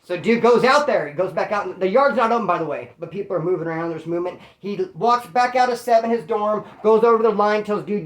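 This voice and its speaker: A man's voice: high-pitched, a little fast, hardly any pauses, echoey room. A man casually telling a story in slangy street talk, acting out the voices of the people in it. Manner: slangy, animated, acts out quoted voices. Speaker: storyteller recounting prison life.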